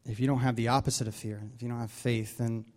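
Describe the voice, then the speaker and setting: Man, casual sermon, mellow voice, halting, lots of restarts and fillers. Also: medium pitch, little pitch movement. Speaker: Bible study leader.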